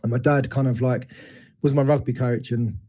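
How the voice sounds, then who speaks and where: A man's voice: mid-range voice, steady tone, normal speed, dark tone. A man in his forties, a guest on an interview podcast, telling a painful personal story frankly and thoughtfully, often restarting his sentences. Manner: reflective, frank, with many restarts and acted quotes. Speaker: guest, men's educator.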